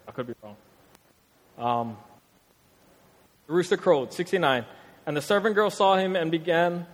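A young man delivers a casual sermon, easygoing and full of slang. His voice sits a bit high for a man, and a long church-hall reverb trails every phrase. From Hawaii. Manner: conversational, animated, street slang. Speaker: preacher.

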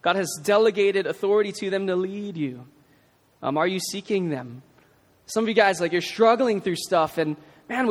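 A man preaching a sermon in a casual, conversational way, with emphatic questions to the congregation. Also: sits high. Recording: long hall reverb.

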